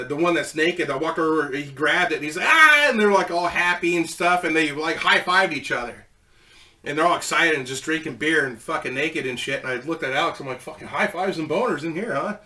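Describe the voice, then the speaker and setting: Bright-voiced man telling a story. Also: on the high side, recorded from a distance. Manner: rambling, swears a lot, laughs at own story. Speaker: storyteller, ex-wrestler. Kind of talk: casual profane storytelling.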